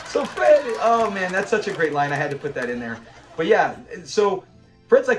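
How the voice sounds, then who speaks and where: Guy with a high voice hyped up breaking down a tv episode, laughs a lot, faint music under. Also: big pitch swings, unhurried, pauses often. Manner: enthusiastic, quotes characters, laughs often. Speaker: show reviewer. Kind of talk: casual episode review.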